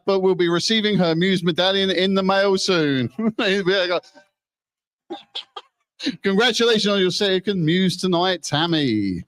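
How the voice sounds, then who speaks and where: A man's voice: fairly high pitch, a bit bright. A man presenting awards at a ceremony, reading winners in a joking, giggly way and often stumbling over words.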